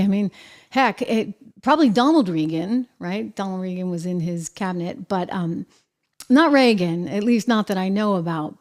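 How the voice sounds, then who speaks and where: A middle-aged woman hosting her own show, talking in a chatty, upbeat monologue full of lively asides. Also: medium pitch. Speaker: show host. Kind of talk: casual monologue to camera.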